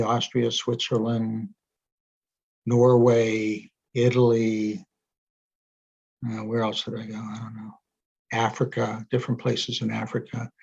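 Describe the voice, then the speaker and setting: A man's voice: medium pitch, vocal fry, slightly rough. An older man, a guest in an interview, telling long anecdotes with lots of fillers and restarts over a video call. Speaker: interview guest, energy psychology author. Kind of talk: casual storytelling in conversation. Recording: dull lo-fi sound.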